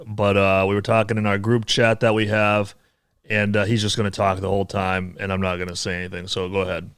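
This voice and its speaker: A man's voice: on the low side, clear, resonant tone, no echo, clean studio sound. A man hosting a casual podcast chat, rambling and jokey, tired from an early start. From United States. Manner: rambling, jokey, many fillers. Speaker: podcast host. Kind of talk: casual chat over a video call.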